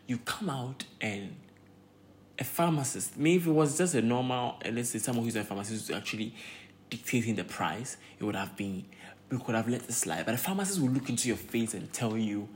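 A man's voice: medium pitch, animated, moderate pace. A young man with a Ghanaian accent, venting in a casual vlog, exasperated and repeating himself with many fillers. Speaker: pharmacy graduate vlogger.

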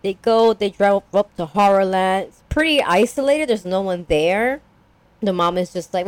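A woman's voice: medium pitch, expressive, moderate pace, no echo. A young woman casually recapping a story as a podcast co-host, rambling with lots of "like" and acting out characters.

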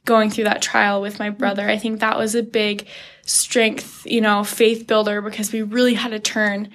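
A young woman telling a personal faith story as an interview guest, earnest and animated, acting out her own past thoughts. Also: medium pitch, normal speed. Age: young adult. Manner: earnest, animated retelling with quoted inner thoughts and laughs.

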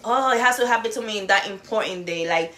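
A woman's voice: mid-range voice, fast, a crowd in the background, rough recording. A woman co-hosting a casual chat podcast, speaking loosely and laughing often. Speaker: podcast co-host.

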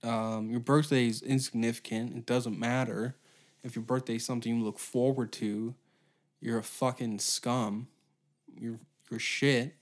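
A man's voice: mid-range voice, flat delivery, a little slow. Profane ranting man in his twenties. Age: 20s. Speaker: podcast host. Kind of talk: solo comedy podcast rant.

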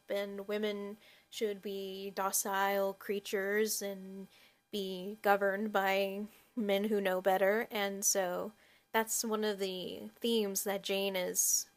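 A woman hosting a podcast, talking casually about a book, with many fillers and restarts and frequent laughter. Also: medium pitch. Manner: laughs often while talking. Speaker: podcast host.

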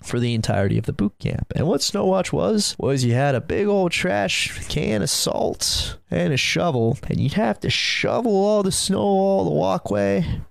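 A young man hosting a live podcast, rambling and swearing as he tells stories, laughing often and admitting he is high. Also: big pitch swings, unhurried, gravelly, no room sound. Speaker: podcast host.

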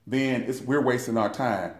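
This Bible study teacher speaks in a mid-range voice at a moderate pace, the room sounding roomy around him. He preaches with passion, addresses his audience as saints, and grows more fervent as he goes.

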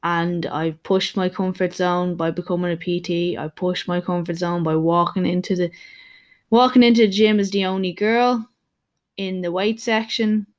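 A young woman coach hosts a solo podcast, speaking in a slightly low voice. She talks in a frank, candid way and rambles, often restarting her sentences mid-thought. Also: steady tone, moderate pace. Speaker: podcast host and personal trainer. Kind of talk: casual solo podcast monologue.

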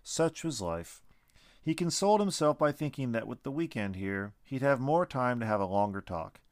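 A man gives an animated, expressive reading of a storybook at a moderate pace. His mid-range pitch moves around a lot, and the recording is close and dry, with no echo or room sound.

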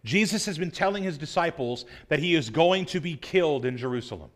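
High-voiced man preaching a sermon. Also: animated, fairly quick, hardly any pauses. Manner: earnest, conversational preaching with casual asides. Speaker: pastor.

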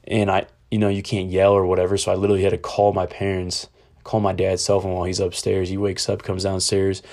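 A man's voice: low-pitched, completely flat delivery, quick pace, darkish tone. A young man from Ohio telling a personal story in a rambling, candid, casual way, swearing freely. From Ohio, USA.

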